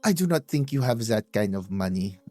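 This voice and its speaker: A man's voice: on the low side, expressive, a little fast, mellow, no echo. A man voicing a haughty, scornful woman shopkeeper in a tabletop game, speaking with a sneer and talking down to others. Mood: condescending. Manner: condescending, sneering.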